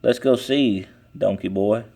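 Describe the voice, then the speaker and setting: A man reading aloud and voicing an excitable, bouncy male tiger in a loud, boisterous way. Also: fairly low pitch, unhurried, creaky.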